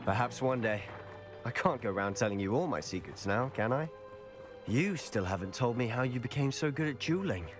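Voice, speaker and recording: An actor playing a confident teenage wizard student in a video game, well-spoken, wry and self-assured. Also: male voice, mid-range voice, animated, normal speed, close to an everyday voice. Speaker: student companion. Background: game music.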